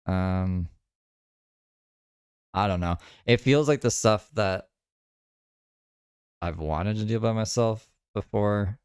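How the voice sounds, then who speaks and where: A man's voice: on the low side, takes it slowly, long pauses, clean tone, dry recording, clean studio sound. A man hosting a podcast, rambling in crude, casual commentary with lots of filler words. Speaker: podcast host.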